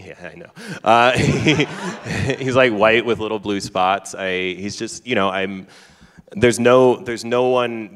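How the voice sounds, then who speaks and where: A man's voice: sits low, fairly bright tone, clear, resonant tone. A man speaking as a guest author before a live audience, telling a story casually and often stopping to restart or laugh. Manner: chatty, heavy on fillers and restarts, laughs often. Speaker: teacher. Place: large hall with an audience. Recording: reverberant hall sound.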